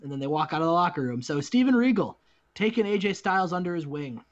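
High-voiced man, rambling game commentary. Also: expressive, fast, muffled recording. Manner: rambling storyteller, swears casually. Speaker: guest co-host. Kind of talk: casual gaming commentary.

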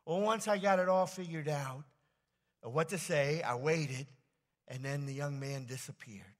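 A man preaching a sermon as pastor, telling a personal story in a halting, rambling way full of fillers and restarts. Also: on the high side. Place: church sanctuary. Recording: long church hall reverb.

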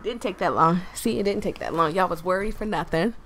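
Somewhat low-voiced and talking a little fast, she hosts a gaming video, reading out a dating game and chatting with viewers. Her voice is slightly hoarse, she laughs and clears her throat now and then, and background noise is audible.

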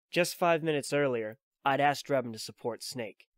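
Audiobook narrator, male, mid-pitched voice, steady plain delivery, dry close mic. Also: normal speed, few pauses, dry recording. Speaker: audiobook reader. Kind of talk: reading a novel aloud.

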